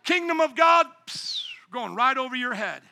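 Speaking at a normal speed with vocal fry, a man gives an animated sermon in a high, bright, piercing voice. As a pastor he shifts into acted-out character voices and shouts for emphasis.

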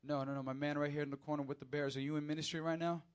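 A young man preaching a casual, lively sermon in church, talking directly to the crowd and swinging between quiet asides and loud peaks. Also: on the high side, very fast, smooth. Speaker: pastor.

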